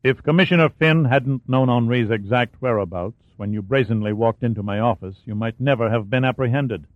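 A man's voice: medium pitch, brisk, no echo, close to an everyday voice. A man voicing a bitter, angry prime minister. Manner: angry, hissing. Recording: dry, phone-like narrow sound.

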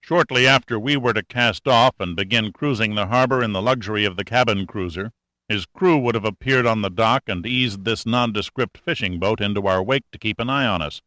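A man's voice: on the low side, a little fast, bright, forceful tone, no room sound. A man voicing a cool, sarcastic male adventurer in an audiobook, speaking in a dry, matter-of-fact way. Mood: explaining.

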